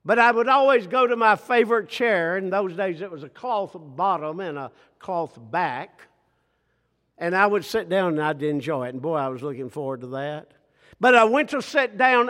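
An older man preaching a sermon, slow and emphatic, dropping to soft near-whispers and asking the congregation rhetorical questions. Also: high-pitched. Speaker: pastor. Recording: reverberant hall.

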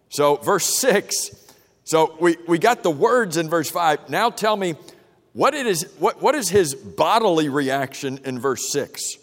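A man leads a Bible class, reading scripture aloud and stopping often to put questions to his listeners. His voice sits a little high for a man. He talks casually and restarts his sentences, and a long reverb hangs on every phrase in the church room. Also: sing-song, measured pace. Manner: conversational, questions the group, frequent restarts. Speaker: Bible study teacher. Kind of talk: interactive Bible class teaching. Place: church meeting room with a projector.

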